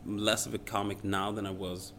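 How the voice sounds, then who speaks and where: A man in his thirties from Sweden, a comic and radio host, chatting casually with wry, deadpan teasing. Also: on the low side, normal speed, slight background noise. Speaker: guest comedian and radio host. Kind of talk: casual chat.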